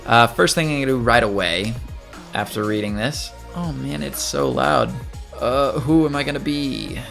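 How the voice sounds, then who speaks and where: Gravelly-voiced man chatting through gameplay. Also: mid-range voice, moderate pace, a bit bright, soft background music. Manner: chatty, thinking aloud while playing. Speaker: gaming channel host. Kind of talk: casual gameplay commentary.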